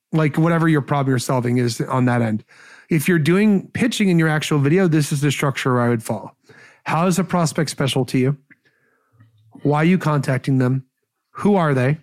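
Brief: male guest, slightly higher voice, quick energetic advice, lots of restarts. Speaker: podcast guest, sales expert. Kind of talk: casual advice talk.

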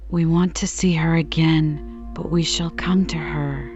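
A kindly, gracious grandmother of means who speaks reassuringly, as a woman reader puts her on. Her tone is mellow and slightly low, on a somewhat dull recording. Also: steady tone, a little slow, soft background music.

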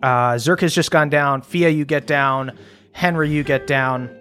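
A man's voice: on the high side, steady tone, unhurried, fairly bright tone, soft background music. A man narrating a tabletop game as game master in a casual way, full of fillers.

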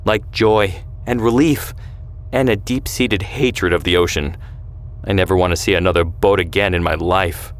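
A man voicing a tough, blunt young woman pioneer in an audio story, with sharp, sarcastic retorts. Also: deep voice, moderate pace, natural voice. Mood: wry.

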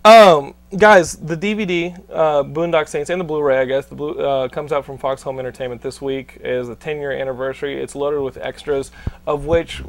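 A young man hosting a podcast in loud, profane, laughing banter. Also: mid-range voice, steady tone, brisk, gravelly. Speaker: podcast host.

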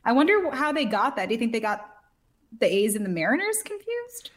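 A woman hosting a baseball podcast, chatting casually in a bubbly, playful way with quick asides. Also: a little high, sing-song. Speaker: podcast host. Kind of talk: casual sports podcast chat.

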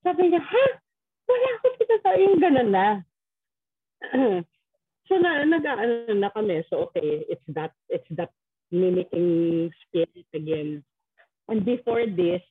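Husky Filipino woman on a tinny line. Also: lowish voice, lively intonation, unhurried, dry recording. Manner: switches between English and Tagalog, acts out quoted voices. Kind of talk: casual chat, telling a ghost story.

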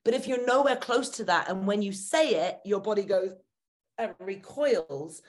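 A woman's voice: mid-range voice, lively intonation, normal speed. A woman talking as a guest in a podcast interview, a confidence trainer who speaks in an earnest, encouraging coaching tone.

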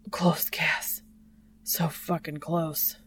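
A man's voice: on the high side, normal speed, creaky. A woman voicing an overwhelmed young man who gasps, stutters and pleads breathlessly. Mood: breathless pleading.

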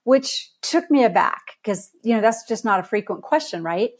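A middle-aged woman, a guest author, telling a lively story in a podcast interview and laughing easily. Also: a little high, moderate pace.

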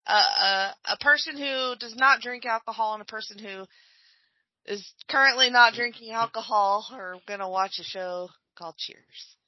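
A woman's voice: a little high, moderate pace, dry recording, lo-fi sound. A woman hosting a podcast in casual chat, joking and laughing easily. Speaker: podcast host.

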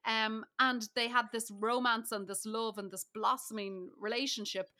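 A woman co-hosting a podcast, talking through a film in a quick, lively way. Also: on the high side. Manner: lively, quick, laughs often. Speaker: podcast co-host. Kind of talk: casual film review chat.

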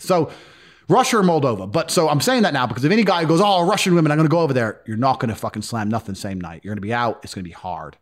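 A man telling stories as a podcast guest in a blunt, profane, casual way. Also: medium pitch. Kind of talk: casual storytelling.

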